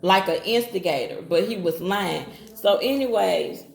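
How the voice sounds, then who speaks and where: Gravelly woman telling a personal story. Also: fairly low pitch, a little slow. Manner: talks straight to viewers with Southern-style slang, quotes others in her own voice. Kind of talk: casual storytime monologue. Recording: echoey room.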